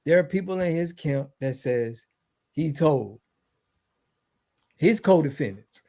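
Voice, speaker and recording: High-voiced dude co-hosting hip-hop news, blunt, skeptical, repeats himself for emphasis. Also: male voice, expressive, slow pace, dark tone. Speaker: co-host.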